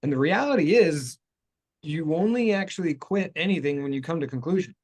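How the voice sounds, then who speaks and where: A man's voice: a little high, expressive, a little fast, a little mellow, slightly rough. A man hosting a talk show, explaining ideas in a rambling, self-correcting way. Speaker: show host. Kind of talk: casual talk show chat.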